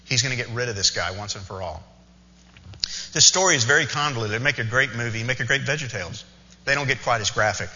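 Bright-voiced man preaching in a hall. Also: mid-range voice, dull audio. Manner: animated storytelling, quick asides to the congregation. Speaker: pastor. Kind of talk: sermon.

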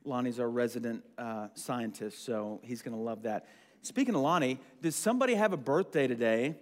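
A man's voice: medium pitch, animated, moderate pace, a little hiss or hum. A young man leading a church discussion group, chatty and friendly with lots of ums. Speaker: church roundtable leader. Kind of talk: casual teaching to a group. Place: meeting room with a group. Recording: long room reverb.

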